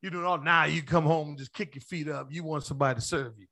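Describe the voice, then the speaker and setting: A man with a high voice preaching a sermon to his congregation. He swings from quiet, quick asides with a chuckle to shouted, rising lines, calling for a response from the room. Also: fairly even intonation. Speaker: pastor.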